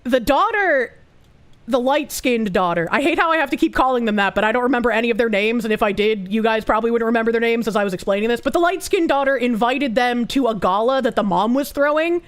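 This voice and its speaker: In her stream, the young woman talks about a movie in a lively, wandering manner, frequently restarting and using fillers. Her voice sits a little high.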